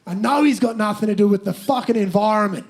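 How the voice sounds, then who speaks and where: A man's voice: high-pitched, quick pace. A man playing a crude, brash young Australian bloke on stage, swearing a lot and laughing at his own jokes. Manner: sweary, blustering, breaks to laugh. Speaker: stand-up comedian in character. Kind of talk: stand-up character storytelling. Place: theatre stage.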